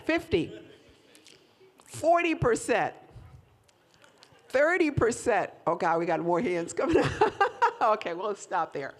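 A woman leading a live audience through a whisper game, coaxing volunteers and laughing often. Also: on the high side. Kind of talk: lively audience participation.

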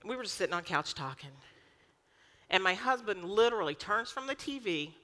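Lively woman preaching a sermon. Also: mid-range voice, normal speed, in a large hall. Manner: lively, emphatic preaching with rhetorical questions. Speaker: pastor.

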